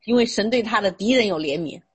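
Husky woman interpreting a sermon. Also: mid-range voice, fast. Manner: steady, rephrases with small fillers.

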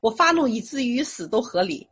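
A woman interpreting a sermon phrase by phrase, steady and rephrasing with small fillers. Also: fairly high pitch, brisk, husky.

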